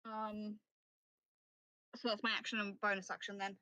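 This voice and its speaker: A woman's voice: medium pitch, little pitch movement, moderate pace, bright, forceful tone, dry recording. A woman playing a tabletop game, chatting casually and thinking aloud while she checks her notes, on a dull, lo-fi mic. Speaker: player.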